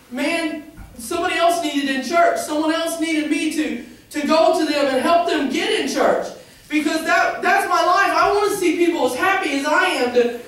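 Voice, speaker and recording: A woman with a Southern Illinois accent giving an earnest church testimony, halting and restarting, rising into fervent cries. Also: high-pitched, fairly bright tone, distant mic. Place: church sanctuary. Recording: very echoey church, recorded from afar.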